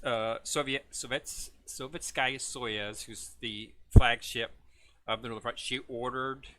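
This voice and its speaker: A man's voice: medium pitch, pushed and bright. A man casually talking viewers through a game update as a gaming video host, rambling, with many filler words and stumbling over foreign names.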